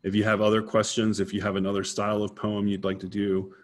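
A man's voice: on the low side, monotone, quick pace. A man teaching an informal poetry lesson, thinking aloud and correcting himself as he works things out.

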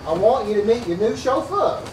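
An actor playing a patient, well-off son who explains things calmly. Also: male voice, high voice, a little fast. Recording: echoey room from a far camera with hiss.

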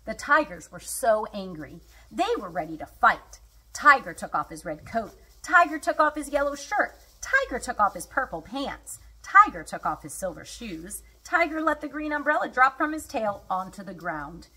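Woman reading a kids' picture book, slow and lively, bright slightly breathy voice. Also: medium pitch. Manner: expressive and unhurried. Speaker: storyteller. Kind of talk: children's storybook read-aloud.

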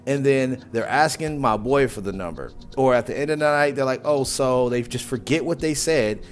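A man's voice: medium pitch, lively intonation, a little fast. Emphatic male reaction host over faint music. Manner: emphatic, scolding, sweeping judgments. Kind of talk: reaction commentary.

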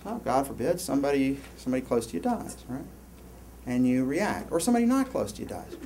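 Rambling, animated male lecturer. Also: medium pitch, fast talker, slight background noise. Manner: animated, rambling, lots of self-interruptions. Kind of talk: university lecture. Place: lecture hall.

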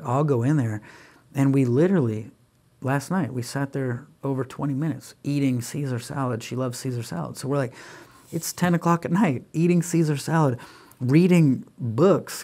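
A man's voice: mid-range voice, moderate pace, husky. A man who is a guest on an interview podcast, talking with energy and acting out bits of dialogue as he tells stories about his kids. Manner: animated storyteller who acts out dialogue in voices; energetic, emphatic, with frequent restarts. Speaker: guest speaker and author.

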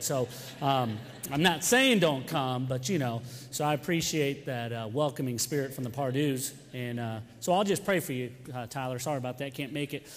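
A man's voice: medium pitch, moderate pace. A young man, a youth pastor making joking announcements and telling stories to his congregation. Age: young adult. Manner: chatty, joking, talks to the congregation by name. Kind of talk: sermon announcements and storytelling. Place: church sanctuary. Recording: long hall reverb.

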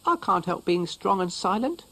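Man doing a high-pitched, gentle cartoon snail, soothing and sing-song. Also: big pitch swings, moderate pace, vocal fry, full character voice. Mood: kindly soothing. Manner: gentle and soothing, calls others dear.

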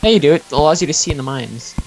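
A man's voice: fairly high pitch, animated, racing, background noise. Playful bossy young gamer guy. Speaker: gamer playing with friends. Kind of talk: casual let's play chat.

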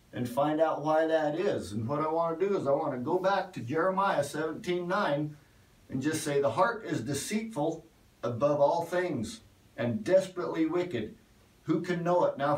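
A man gives a folksy cowboy-church sermon in an easygoing, conversational way. His voice sits a little high for a man. He sounds set back from the mic in a roomy, echoing space. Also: distant mic. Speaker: pastor. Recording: echoey room, voice from off the mic.

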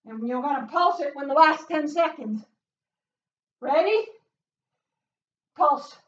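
Recorded from afar in a small closed room, this fitness instructor's high voice comes across roomy and a little dull. Working out along with her viewers during live coaching, she's upbeat and expressive, takes things slowly, whoops loudly to cheer them on and runs out of breath between exercises.

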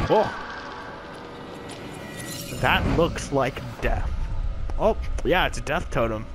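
A man's voice: mid-range voice, animated, takes it slowly, pauses often, over music. A young man casually commenting on a game he is playing, rambling and joking as he goes. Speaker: gameplay commentator. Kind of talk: casual let's play commentary.

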